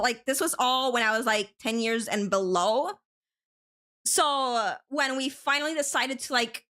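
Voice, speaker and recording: A woman's voice: a little high, bright, forceful tone. A young woman from Spain with an American accent, chatting casually on an art stream, laughing often and swearing freely. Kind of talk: casual chat while drawing on stream.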